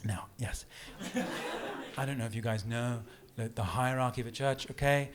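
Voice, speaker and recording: A man doing a rambling stand-up comedy set, animated and giggling at his own jokes. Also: medium pitch, moderate pace. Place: pub comedy room with live audience. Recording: live audience laughter and applause.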